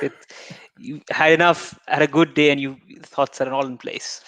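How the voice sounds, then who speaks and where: Calm man panelist from India. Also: fairly high pitch, normal speed, no room sound. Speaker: regular panelist.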